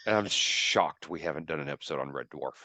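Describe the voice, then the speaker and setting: Man, podcast co-host, very deep voice, short teasing interjections, dry sound. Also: fairly quick, sharp tone, dry recording. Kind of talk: casual chat.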